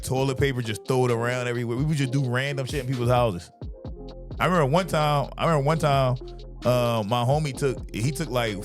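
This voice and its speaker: A man in his thirties tells stories loosely and profanely, laughing as he goes. Music plays clearly underneath his voice. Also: mid-range voice. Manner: profane, laughing, animated storyteller. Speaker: comedian podcast host. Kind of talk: casual storytelling chat.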